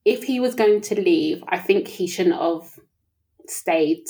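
A woman hosting a casual podcast chat, relaxed and conversational, asking her guest questions. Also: fairly low pitch, slow, gravelly. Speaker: podcast host. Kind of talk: casual chat about a TV show.

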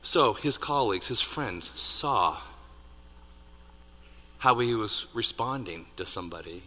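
Animated male preacher in a reverberant hall. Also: lowish voice, slow pace. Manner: animated, rising to near-shouts on emphasis, dropping to hushed asides. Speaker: pastor. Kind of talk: sermon.

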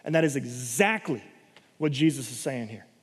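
A man's voice: medium pitch, moderate pace, slightly rough. A man giving a conversational Bible teaching, explaining the passages plainly and often checking in with his listeners. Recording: long hall reverb.

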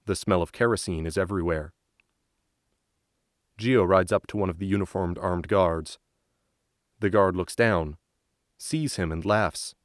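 Deep-voiced man narrating a story. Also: no room sound, clean studio sound. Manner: slow, measured reading. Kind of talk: scripted audiobook narration.

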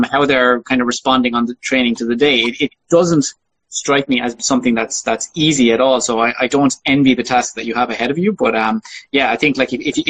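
A man hosting a podcast interview, replying in a halting way with many restarts and fillers. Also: mid-range voice, a bit bright, no room sound, poor audio. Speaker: podcast host. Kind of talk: casual interview chat.

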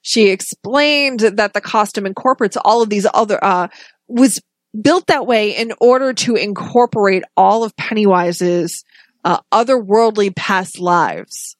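A woman co-hosting a casual podcast chats enthusiastically about a film, often restarting her sentences. Her voice is medium-pitched and a little slow, with no echo.

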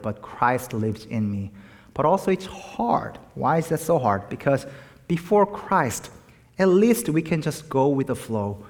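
A man preaching a sermon as pastor, emphatic, with non-native English phrasing and sudden rises and drops in emphasis. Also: a little high. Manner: emphatic preaching with rising and falling stresses. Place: church sanctuary. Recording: long hall reverb.

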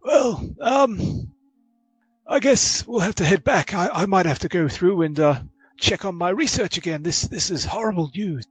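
A man's voice: sits high, expressive, moderate pace, husky, no echo, soft background music, pitched above the performer's own voice, heavily acted. A man voicing a fussy elderly male professor who talks in a bewildered, quavering way. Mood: disappointed.

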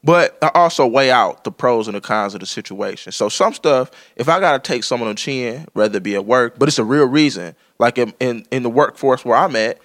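A man in his twenties co-hosting a casual chat, calm and reflective, giving advice. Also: mid-range voice. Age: 20s. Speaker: podcast co-host.

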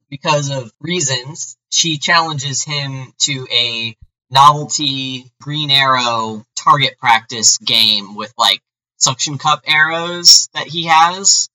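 A man's voice: mid-range voice, takes it slowly, pushed and bright, poor audio. A man co-hosting a podcast, recapping TV episodes in a rambling, casual way with many fillers. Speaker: podcast co-host.

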